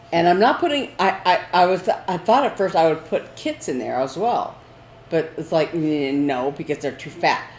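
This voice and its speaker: Co-hosting a laid-back crafting conversation, this woman speaks a little slowly in a lowish voice with big pitch swings, wandering through her thoughts with plenty of fillers. It's recorded in an echoey room carrying faint noise.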